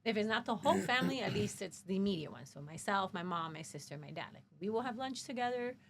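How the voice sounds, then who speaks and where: A woman's voice: medium pitch, fast talker, a little hiss or hum. A woman who works in hospitality, a podcast guest telling family stories in casual conversation and acting out quoted dialogue with frank, salty language. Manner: animated, acts out quoted dialogue, swears freely.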